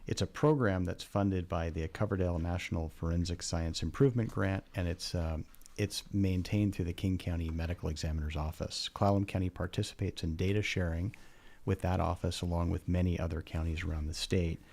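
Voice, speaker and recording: A man giving a measured, earnest radio interview as a county coroner, pausing often with "uh". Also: sits low, fairly even intonation, a little mellow. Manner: measured and earnest, with frequent "uh" pauses. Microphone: studio microphone.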